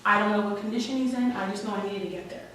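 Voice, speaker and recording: Rapid-fire and steady, her mid-range voice a bit bright, a young Washington Heights native delivers a candid, wry, emotional personal story at a live story slam. The echoey room, distant mic, faint ambience and slight background noise are audible.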